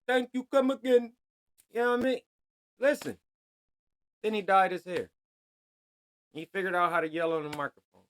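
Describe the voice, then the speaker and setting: A man's voice: high-pitched, a bit bright. A man hosting a solo podcast, talking bluntly in heavy street slang and lecturing his listeners. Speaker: podcast host.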